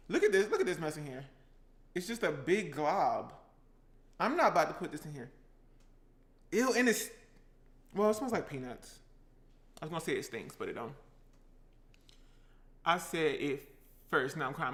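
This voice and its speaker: A man's voice: fairly high pitch, big pitch swings, moderate pace, pauses often, fairly bright tone. A man with casually chatting while cooking on a vlog, playful and chatty, now and then breaking into song. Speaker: cooking vlogger.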